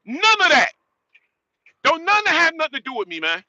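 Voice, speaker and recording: A man's voice: very high-pitched, wildly swooping pitch, moderate pace, sharp tone, no echo, rough recording. A man ranting bluntly on a live stream, repeating himself and ending phrases with "man". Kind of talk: casual live-stream rant.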